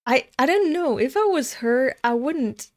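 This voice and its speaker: A woman's voice: sits high, expressive, unhurried. A young woman reading a comic aloud and commenting bluntly and casually, sometimes in exasperation. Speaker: comic reader.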